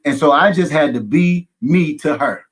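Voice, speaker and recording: A pastor speaking candidly as a guest, emphatic, with folksy humorous asides and runs of repeated phrases. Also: male voice, fairly high pitch, normal speed, breathy edge. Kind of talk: candid conversational testimony.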